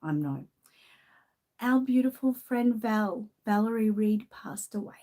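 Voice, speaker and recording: An Australian woman chatting on a live stream, greeting viewers by name between her thoughts and getting emotional and soft-spoken when she is sad. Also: medium pitch, animated, a little slow. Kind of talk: casual live-stream chat.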